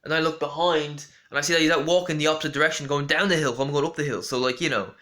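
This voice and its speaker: A man's voice: fairly high pitch, steady tone, quick pace, pushed and bright. A young man rambling through a casual storytelling monologue with lots of fillers and restarts. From Ireland. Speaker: vlogger.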